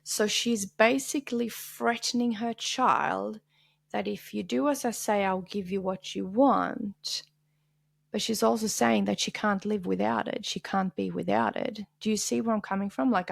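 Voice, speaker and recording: A woman hosts a candid solo podcast, talking earnestly and confessionally and sometimes dropping to a whisper. Her voice is mid-range, creaky, and steady in tone at a moderate pace, with no echo.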